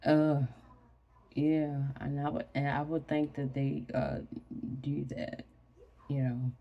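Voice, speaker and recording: A woman with a low, gravelly voice chats casually to her camera. She sounds sleepy and talks slowly, rambling along. The recording is dull and lo-fi. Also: flat delivery. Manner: slow, rambling, sleepy and yawning. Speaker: vlogger.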